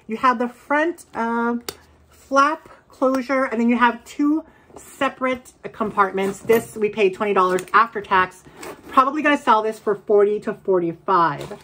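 Woman vlogger, slightly high voice, excitable casual unboxing chatter. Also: a little slow, a little hiss or hum. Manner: excitable, gasping and laughing, swears casually. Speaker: reseller vlogger.

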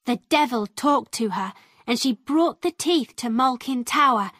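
Brief: woman voicing a blunt, boastful young boy, slightly raised and husky, slow storybook reading. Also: on the high side, animated, fairly bright tone, dry recording, clean studio sound. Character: young village boy, proud and angry.

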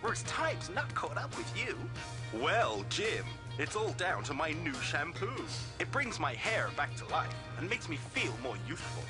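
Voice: medium pitch, big pitch swings, unhurried, over music. A hammy radio advert. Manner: hammy, sing-song advert delivery. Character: two men in a cheesy radio shampoo advert.

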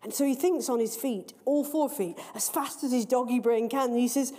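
A woman author reading her own story aloud, in a lively, playful storytelling manner, in a large library hall. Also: on the high side, normal speed, few pauses. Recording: long reverb of a large hall.

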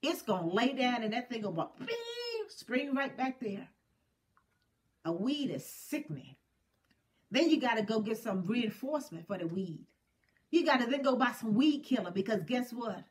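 Lively woman preaching a folksy sermon. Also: a little high, moderate pace. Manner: expressive, swings between loud emphasis and soft asides.

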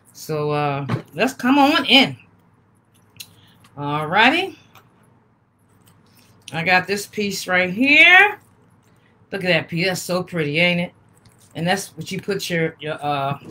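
A woman in her fifties hosts a live-stream sale in an unhurried, drawn-out way. Her voice is bright and forceful, and her talk is folksy and chatty, with the same welcomes repeated over and over. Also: fairly low pitch, slight background noise. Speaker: live-stream seller and host. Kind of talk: casual live-stream sales chat.

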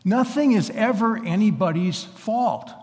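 A man's voice: high-pitched, animated, a little slow, darkish tone, big-room sound. A male pastor preaching an earnest, emphatic sermon, often restarting his words. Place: large church sanctuary.

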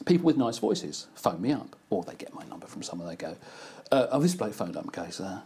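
A man's voice: mid-range voice, sing-song, fast talker, gravelly, hardly any pauses, a little mellow, slightly rough. An older man who works as an advertising writer and producer, chatting casually and acting out quoted exchanges in his stories. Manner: anecdotal, acts out quoted exchanges. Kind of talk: casual conversation.

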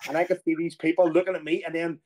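A middle-aged man with an Irish accent and a fairly high voice for a man, spinning a lively anecdote. He talks casually and throws himself into the quoted voices as the story rolls on. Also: quick pace, slight background noise. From Ireland. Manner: animated storyteller who acts out quoted voices. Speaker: former footballer guest.

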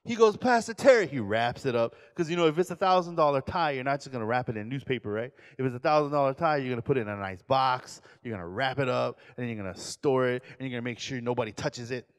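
A man in his forties, a pastor giving a lively sermon lecture, acting out quoted voices and questioning his audience. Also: mid-range voice, quick pace, hardly any pauses, smooth, big-room sound. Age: 40s.

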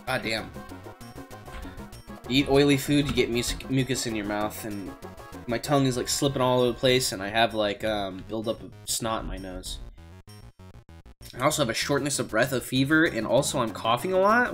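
A man's voice: mid-range voice, normal speed, music in the background. A man streaming a video game, reading its text aloud between jokes and swearing. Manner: jokey, profane, reads game text aloud. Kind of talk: casual gameplay commentary.

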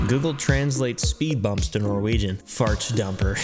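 A young man in his twenties riffing through casual reaction commentary, his pitch swinging up and down in a lively way. He is excitable and swears freely. Music plays clearly behind him. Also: unhurried. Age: 20s. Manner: excitable, swears often, loud exclamations. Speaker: YouTuber.

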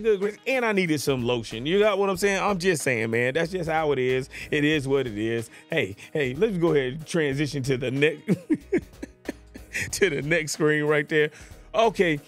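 A playful man with a voice pitched a little higher than most, chatting through a hands-on gear demo. He jokes around and keeps checking that the listener is following him. He talks into a podcast microphone in a quiet home studio, with soft music faintly underneath. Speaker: tech gear reviewer. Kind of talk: casual product demo. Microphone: USB podcast mic on desk.

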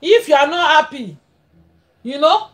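Nigerian woman, live stream host, high voice, blessing viewers. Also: animated, a little slow. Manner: warm blessings, frequent laughter. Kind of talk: casual live stream chat.

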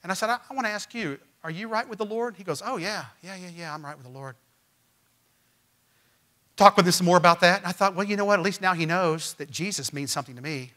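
High-voiced emphatic pastor preaching. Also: male voice, quick pace. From Missouri. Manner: emphatic, swings from loud to quiet. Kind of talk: sermon. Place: church.

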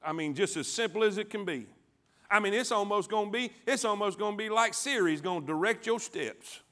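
A man preaching a sermon as pastor, calling on the congregation to answer back and swinging from quiet, low lines to loud ones. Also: brisk. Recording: church sanctuary.

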